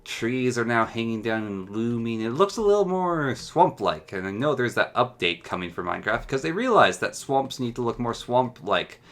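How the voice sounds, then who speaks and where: A man's voice: medium pitch, expressive, moderate pace, few pauses, a bit bright. A man giving casual, enthusiastic commentary while showcasing a game mod, chatting and musing aloud as he goes.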